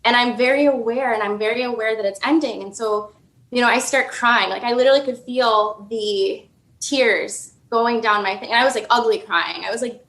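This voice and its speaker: A woman's voice: on the high side, normal speed. A young woman in her twenties telling a personal story as a podcast guest, chatty and full of "like". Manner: animated, filler-heavy storytelling with frequent "like". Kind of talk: casual storytelling. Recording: echoey room.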